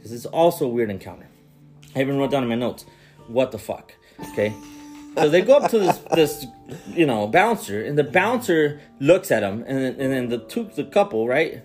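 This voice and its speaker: A man casually retelling a strange movie scene by scene, incredulous and swearing as he goes. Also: medium pitch. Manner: animated, incredulous storytelling with swearing. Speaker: podcast co-host. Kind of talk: casual movie recap chat.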